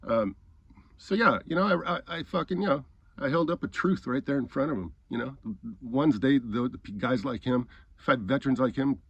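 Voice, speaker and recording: A man's voice: on the low side, husky, dry recording. A man telling an angry story in a heated, profane rant, often stumbling over his words and restarting. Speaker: host.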